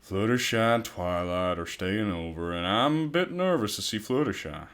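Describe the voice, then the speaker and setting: A man voicing a big, shy farm stallion pony who speaks low and reluctantly. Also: expressive, normal speed, fairly bright tone, clean tone. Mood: sheepish.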